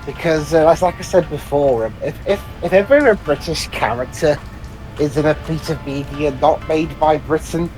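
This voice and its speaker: A man's voice: a little high, normal speed, darkish tone, faint music behind, rough recording. A man co-hosting a casual gaming chat, explaining a point with repeated restarts. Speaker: podcast co-host.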